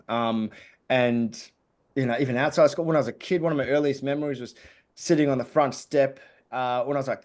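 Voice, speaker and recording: Man, podcast comedian guest, loose jokey storyteller, mid-pitched voice. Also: darkish tone. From Australia. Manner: chatty storytelling with jokey asides. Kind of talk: casual podcast interview.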